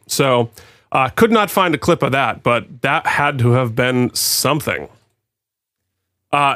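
A man with a Boston accent co-hosting a podcast, chatting casually in an animated, jokey way and laughing easily. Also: on the high side, no echo. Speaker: podcast co-host.

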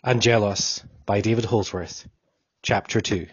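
Husky man reading an audiobook. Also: on the low side, steady tone, no room sound. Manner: solemn, measured first-person reading. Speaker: audiobook narrator. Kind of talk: scripted narration. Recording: dull, dry audiobook recording.

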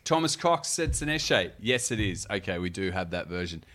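Animated man co-hosting casual chat. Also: low-pitched, brisk. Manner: animated, joking, talks over the co-host. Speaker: co-host.

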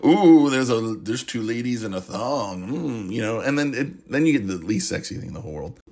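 A man rambles through a sarcastic movie review as a podcast host. His voice sits a bit low and has a husky grain. He swears casually and trails off into asides. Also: expressive, fairly quick. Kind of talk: casual comic monologue.

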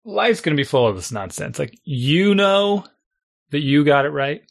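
A man's voice: fairly high pitch, sing-song, normal speed, gravelly. A middle-aged man chatting casually as a podcast co-host, reflective, thinking aloud and laughing often. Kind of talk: casual chat.

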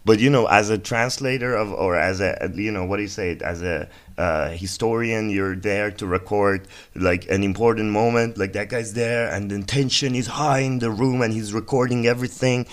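A young man with a fairly low voice, talking off the cuff as the host of his own podcast. He wanders from story to story, swearing freely and joking as he goes, in a loose, chatty monologue. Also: moderate pace, few pauses. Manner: rambling, profane, jokey storytelling. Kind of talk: casual solo podcast monologue.

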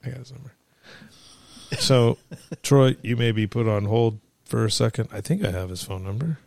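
A man's voice: medium pitch, moderate pace, vocal fry, darkish tone. A man hosting a podcast, talking in loose, profane, joking banter with his friends. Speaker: podcast host. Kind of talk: casual crude banter.

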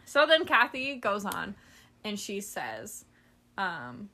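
A woman's voice: medium pitch, slow pace. A woman podcast host casually telling a story, acting out the people she quotes and swearing offhandedly. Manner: animated, acts out quoted people.

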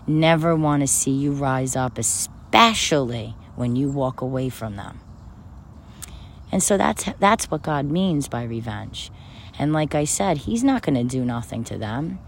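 A woman's voice: low voice, a little hiss or hum. A woman speaking about faith and forgiveness in an emphatic, personal, preaching manner. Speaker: spiritual speaker. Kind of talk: spiritual talk to camera.

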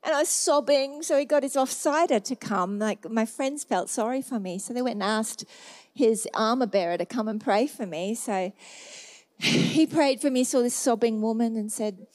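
A woman preacher giving a sermon testimony, acting out her own past prayers in lively storytelling. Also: fairly high pitch, moderate pace.

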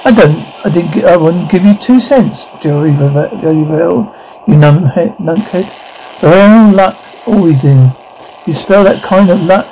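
A man's voice: high-pitched, a little slow, mellow, a little hiss or hum, poor audio. An actor playing a hapless, dim-witted rustic farmer who mumbles and stumbles over his words to himself. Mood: muttering. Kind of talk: film acting.

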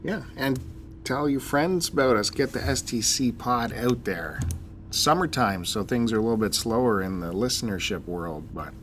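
A man's voice: mid-range voice, lively intonation, normal speed, fairly bright tone, slight background noise. A man co-hosting a casual podcast, teasing and wry in his banter. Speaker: podcast co-host.

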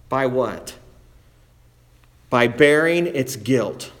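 Male preacher, verse-by-verse sermon; emphatic, slows for stress, quotes old-style scripture. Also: medium pitch. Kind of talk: expository sermon.

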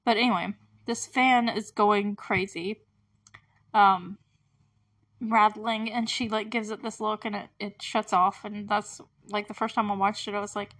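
A woman's voice: medium pitch, steady tone, a little slow, fairly bright tone. A woman hosting a podcast, recapping a TV episode in a casual, chatty way with lots of fillers and frequent laughs between remarks. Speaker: podcast host.

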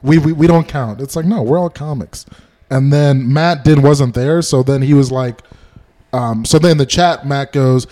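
A man's voice: mid-range voice, dark tone. A man co-hosting a comedy podcast, telling anecdotes casually and swearing freely. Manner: quick anecdotal storytelling, profane, acts out quotes. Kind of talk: casual chat.

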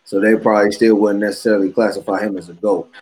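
Lower-voiced guy on a podcast, measured, talks it through. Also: level tone, darkish tone, rough recording. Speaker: podcast co-host. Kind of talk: casual chat.

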